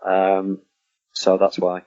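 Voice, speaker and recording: A man answering quickfire interview questions as a guest, in short, laconic replies. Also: low voice, monotone, a little mellow. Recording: dull lo-fi recording.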